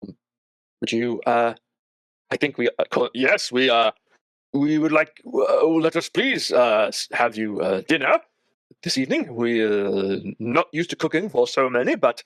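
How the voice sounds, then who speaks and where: A man's voice: medium pitch, big pitch swings, no room sound. Irina, a man voicing a flustered young village woman. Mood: flustered welcome. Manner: halting, stumbling over words.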